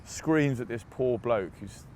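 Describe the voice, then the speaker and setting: A young man being interviewed, telling lively anecdotes in a casual, laughing way, recorded outdoors. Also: medium pitch, slow pace, slight background noise. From England. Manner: chatty, laughing, animated anecdotes. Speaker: interview guest, rugby player.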